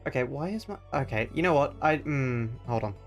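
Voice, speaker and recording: An Australian man streaming a game live, rambling and mocking himself as he thinks out loud at a home desk mic. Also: medium pitch, animated, fairly quick, faint music behind. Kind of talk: live let's-play commentary.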